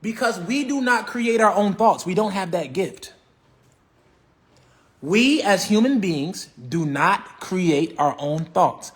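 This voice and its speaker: A man's voice: sits high, animated, slow. A man, a real estate coach giving an emphatic, repetitive motivational talk on a livestream.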